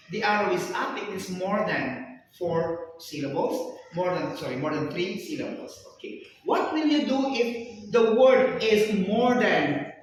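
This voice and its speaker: A man's voice: fairly high pitch, a bit bright. A male teacher leading a classroom grammar lesson, strictly drilling his students with repeated questions. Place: echoey classroom. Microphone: camera at a distance. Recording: echoey room recorded from far off with faint noise.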